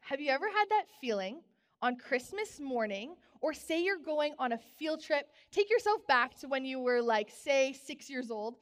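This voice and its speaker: Young woman preacher with a bright high voice, bubbly storyteller, long church reverb. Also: normal speed. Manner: bubbly storytelling, animated exclamations. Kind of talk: sermon. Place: church sanctuary.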